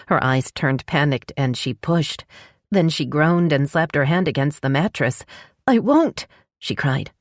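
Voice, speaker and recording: Low-voiced woman narrating a story. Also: fairly even intonation, unhurried, no room sound, clean studio sound. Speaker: audiobook narrator. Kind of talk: scripted romance narration.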